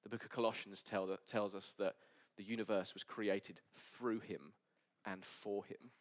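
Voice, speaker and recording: Earnest low-voiced male preacher. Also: steady tone, a little slow. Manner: earnest, drops to soft near-whispers. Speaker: pastor. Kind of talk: sermon. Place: church service.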